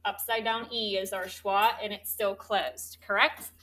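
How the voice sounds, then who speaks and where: A woman teaching a third grade spelling lesson, spelling words out slowly and clearly letter by letter. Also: medium pitch, fairly even intonation, fairly bright tone.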